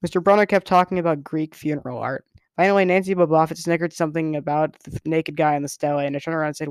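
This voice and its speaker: A man's voice: fairly high pitch, steady tone, fast talker, clear, resonant tone, no room sound. A man reading a novel aloud as first-person narrator, in a casual storytelling way with the odd stumble. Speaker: reader.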